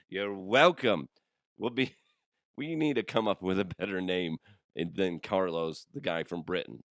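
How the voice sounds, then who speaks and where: A man hosting a comedy podcast, hoarse from a cold, talking casually with lots of swearing and laughter. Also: sits low, measured pace, dry recording, studio quality. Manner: animated, swearing, laughs a lot. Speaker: podcast host.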